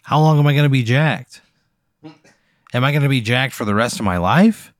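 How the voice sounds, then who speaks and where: A man's voice: medium pitch, normal speed, dry recording. A man plays along with an improvised comedy scenario, grumpy and suspicious at every turn. His exasperation shows through in his voice. The recording is dry and close. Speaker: podcast co-host.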